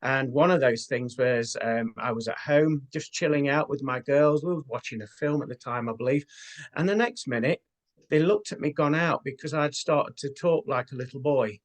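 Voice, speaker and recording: A man talking as an interview guest and spiritual medium, telling his experiences in an earnest, unhurried way with many fillers. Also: medium pitch. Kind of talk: casual interview talk.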